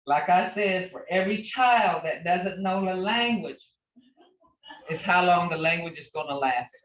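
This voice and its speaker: Woman language teacher, slow and patient, repeats words, heard distant over a computer mic. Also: on the low side. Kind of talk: online language class. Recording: roomy, distant, dull lo-fi sound.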